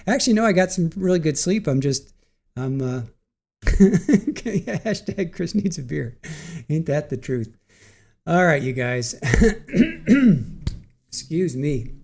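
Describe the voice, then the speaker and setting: Middle-aged male stream host, worn out, giggly and repetitive, mellow, somewhat high voice. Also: expressive, takes it slowly, gravelly, pauses often. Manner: giggly, punch-drunk, repeats himself. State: tired after a long stream. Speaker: livestream host. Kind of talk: casual chat with live chat viewers.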